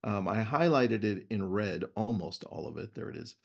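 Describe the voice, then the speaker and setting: Man, middle-aged, webinar host, gravelly voice, muffled lo-fi video call audio, animated storytelling. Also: fairly low pitch, normal speed. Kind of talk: casual webinar chat.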